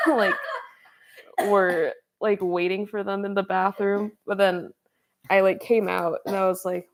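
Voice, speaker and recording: Chatty young woman with a gravelly voice. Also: mid-range voice. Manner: chatty, filler-heavy, laughs often. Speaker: streamer. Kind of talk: casual storytelling chat.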